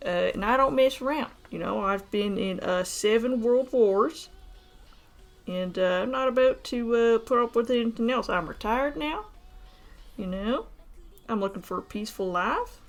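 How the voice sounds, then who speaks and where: A woman's voice: on the high side, normal speed, faint music behind. Woman doing a crude old redneck uncle. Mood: stern. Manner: rambling, crude, deadpan bragging. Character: old retired male war-veteran uncle, gruff and folksy. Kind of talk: live-streamed model kit build, in character.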